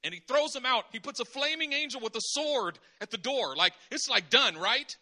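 A man preaching a sermon in an animated way, acting out conversations in different voices. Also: extremely high pitch, moderate pace.

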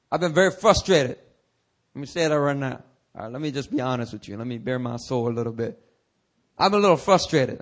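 A male pastor preaching a sermon, talking candidly with his congregation and breaking into dramatic, rising cries. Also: medium pitch. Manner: conversational, candid asides to the congregation.

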